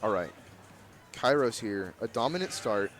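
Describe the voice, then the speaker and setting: A man's voice: fairly low pitch, expressive, measured pace, faint music behind. A young man doing casual, chatty live commentary on a fighting game tournament, laid-back and slangy. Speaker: esports commentator.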